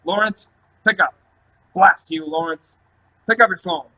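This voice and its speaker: A man voicing a pushy older uncle who rants loudly into an answering machine. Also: fairly high pitch, fairly even intonation, a little fast, poor audio. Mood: angry. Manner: loud, angry, demanding.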